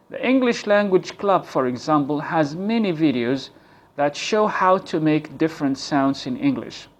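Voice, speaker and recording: Slow, higher-pitched man teaching pronunciation. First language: Arabic. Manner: repeats key points, models words slowly. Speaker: English teacher. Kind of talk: slow, deliberate pronunciation lesson.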